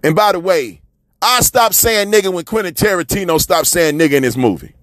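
High-pitched preachy man on radio. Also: animated, a little fast, no echo, clean studio sound. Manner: preachy, repetitive, calls listeners "family" and "man"; swings from loud shouting to low mutters. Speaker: radio commentator. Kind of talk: fiery street-talk commentary.

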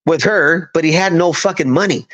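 A man's voice: on the high side, fairly quick, fairly bright tone. A man who is an army veteran, a podcast guest telling profane, heated war-story anecdotes in casual chat. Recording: dull lo-fi audio.

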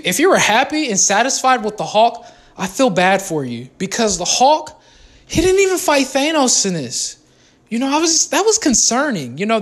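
A man giving a casual movie review on his vlog, rambling and excitable, jumping between topics and correcting himself as he goes. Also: high voice.

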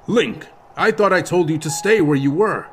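A man voicing a kindly middle-aged ranch owner who talks gently and in a fatherly way, from an audiobook. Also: a little high, moderate pace, soft background music, voice pushed up, close to an everyday voice. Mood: gentle concern.

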